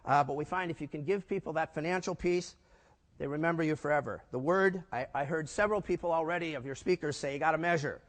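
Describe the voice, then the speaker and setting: A man's voice: a little high, fast talker. An older man giving a punchy business conference talk, tossing rhetorical questions to the audience. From United States. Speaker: keynote speaker. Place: large conference hall. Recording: echoey hall.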